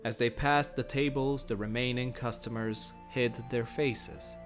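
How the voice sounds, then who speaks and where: A man's voice: mid-range voice, soft background music. Man narrating a fantasy tale. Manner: measured, steady storytelling. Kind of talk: dramatic audiobook narration.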